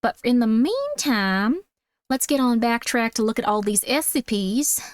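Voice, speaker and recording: A young woman streamer with a squeaky voice and a put-on Southern accent, chatting sweetly with viewers and calling them sweetie. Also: big pitch swings, measured pace. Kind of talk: casual livestream chat.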